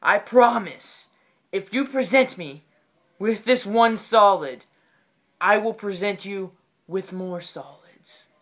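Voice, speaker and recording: A man's voice: high-pitched, slow, fairly bright tone. A man voicing a panicked, frightened man in a restroom stall who shrills out and then pleads with mock solemnity. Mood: pleading.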